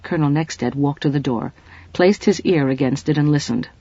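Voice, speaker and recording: Husky audiobook narrator, dull sound. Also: mid-range voice, fairly quick, warm tone, no echo. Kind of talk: scripted narration.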